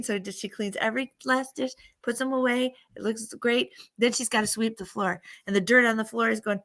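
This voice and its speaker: A woman hosting a casual stream retells a childhood bedtime story in a loose, rambling way. Her voice is bright and a little high-pitched. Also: fairly even intonation, brisk, few pauses. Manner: chatty, rambling, laughing asides. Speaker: livestream host.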